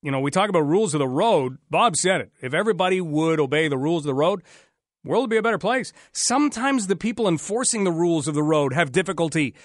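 A man's voice: on the high side, lively intonation, fast, dry recording, studio quality. A man from Canada hosting a radio talk show, chatty and sarcastic, sometimes joking in mock voices.

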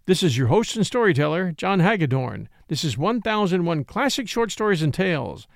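A male storyteller and podcast host reading classic tales with animated, expressive delivery. His voice sits somewhat high for a man, with a gravelly grain. The close studio recording is completely dry. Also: normal speed, dry recording. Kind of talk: dramatic audiobook narration.

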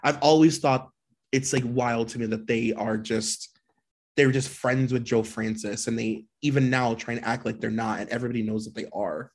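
Steady in tone and moderate in pace, a man's mid-range voice co-hosts a podcast. He mocks gossip blind items by reading them aloud in an exaggerated way, laughing easily between bits of casual chat.

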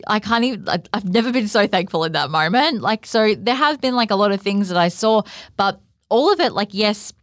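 Brisk and expressive, this mid-range female voice belongs to an Australian podcaster recounting something from her own life in a chatty monologue full of "like." The recording is dry and studio-clean.

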